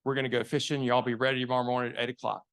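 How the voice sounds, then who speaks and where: A man's voice: mid-range voice, level tone, racing, close to an everyday voice. A man playing a brash, impatient male fishing guide who barks orders. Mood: bossy. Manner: blunt, bossy.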